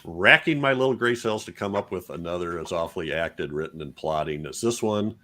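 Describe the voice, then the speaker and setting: Male podcast co-host with a very low voice, reads listener mail with a dry touch. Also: a little fast, sharp tone. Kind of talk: casual podcast chat.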